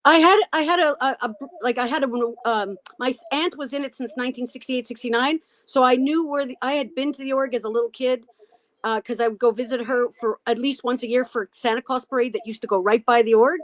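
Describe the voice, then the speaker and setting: A woman's voice: sits high, fairly quick. A woman from Canada, a guest on a video-call interview, speaking hesitantly with many restarts.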